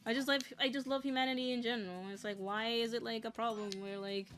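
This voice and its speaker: A woman's voice: on the high side, fairly even intonation, quick pace, fairly bright tone. A woman talking casually about her original characters, rambling and venting, swearing freely as she goes. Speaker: content creator.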